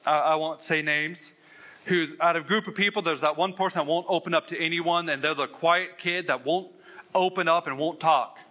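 A man's voice: fairly high pitch, normal speed, bright, forceful tone. A man pastor preaching a sermon, telling a candid, self-deprecating story with earnest emphasis. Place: church sanctuary.

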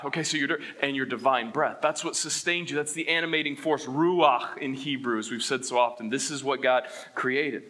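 A man preaching a sermon as pastor, asking the congregation questions and swinging between loud emphasis and hushed statements. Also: medium pitch, steady tone, brisk, hardly any pauses.

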